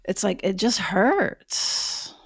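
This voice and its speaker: A woman's voice: medium pitch, lively intonation, very slow, no echo, clean studio sound. A woman hosting a podcast interview, chatty and effusively appreciative of her guest. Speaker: podcast host. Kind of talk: conversational interview.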